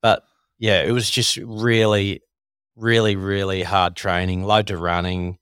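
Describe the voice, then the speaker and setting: Man, Australian accent, podcast guest, storytelling, low voice, dry sound. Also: unhurried, clear, resonant tone, no echo. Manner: animated storyteller with fillers like "sort of" and "like". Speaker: guest, former Thai boxer. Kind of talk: casual storytelling.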